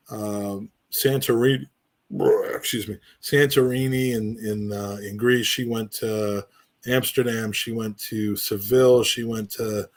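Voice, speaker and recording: A middle-aged man co-hosting a podcast, chatting in a rambling, earnest way and restarting his sentences often. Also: fairly low pitch. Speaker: podcast co-host. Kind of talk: casual chat.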